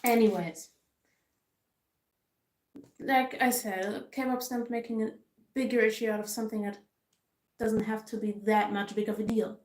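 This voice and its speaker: Brief: woman vlogger with a somewhat high voice, venting with frustrated emphasis; roomy, echoey recording. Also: fairly even intonation, a little slow, pauses often, a little mellow. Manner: frustrated, emphatic, repetitive ranting. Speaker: K-pop vlogger. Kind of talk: casual ranting commentary. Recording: roomy echo.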